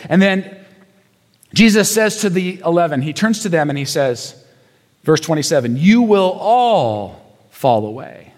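Male pastor with a high, bright voice, preaching in a chatty storytelling way in a large echoing hall. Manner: conversational storytelling, emphatic repetitions, rhetorical questions. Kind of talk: sermon.

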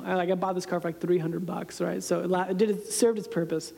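A man's voice: high-pitched, steady tone, fairly quick, creaky, few pauses, darkish tone. A man in his thirties giving a storytelling sermon as a pastor, conversational and self-deprecating, often laughing at himself. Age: 30s. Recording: reverberant hall sound.

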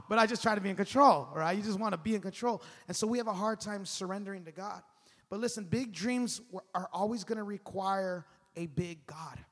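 A man in his thirties preaching a sermon as pastor, animated and conversational, calling on the congregation to respond. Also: sits high. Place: large church hall. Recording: long hall reverb.

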